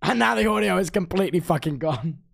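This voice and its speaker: Brief: male streamer, high pitch, excitable, swears, comic running commentary. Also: quick pace, creaky. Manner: excitable, swearing, joking narration of mishaps. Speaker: streamer commentating a live event. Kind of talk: casual live-stream commentary.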